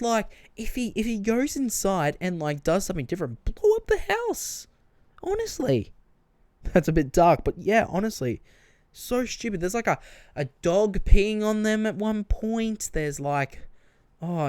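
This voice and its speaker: A man hosting a podcast, giving an animated, exasperated movie-review rant full of fillers and restarts. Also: fairly high pitch, smooth, dry recording. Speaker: podcast host.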